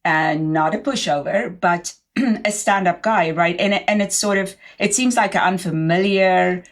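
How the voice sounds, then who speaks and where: A woman's voice: on the low side, a little slow. Thoughtful woman hosting a podcast chat. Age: middle-aged. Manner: thoughtful, many fillers and affirmations. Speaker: podcast host. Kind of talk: casual conversational interview.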